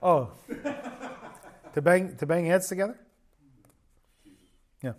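A man's voice: high voice, slow pace. Joking conversational male pastor. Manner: conversational, joking, emphatic preaching. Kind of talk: sermon. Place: church.

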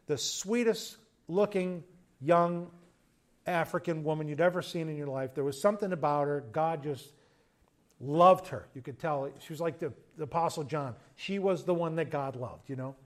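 A man, a pastor telling a story in a conversational sermon, moving between loud emphasis and quiet asides. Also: on the high side, moderate pace. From United States.

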